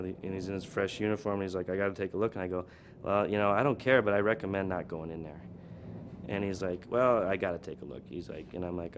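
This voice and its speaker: Deep-voiced man telling rambling road stories. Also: a little hiss or hum. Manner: rambling, laid-back, full of "you know" and "like". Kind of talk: anecdotal storytelling interview.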